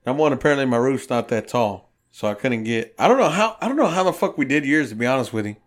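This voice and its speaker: Quick and mid-range, this man's voice carries a story through casual podcast talk. He swears freely as a co-host and dramatizes people's words with animation.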